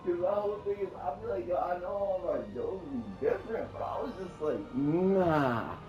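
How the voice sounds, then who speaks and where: A man chatting casually while he games, telling animated stories, swearing freely and laughing often. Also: high-pitched, a little fast, far from the mic, lo-fi sound. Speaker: gaming streamer. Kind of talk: casual rambling chat while gaming. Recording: echoey room, off-mic, with music playing.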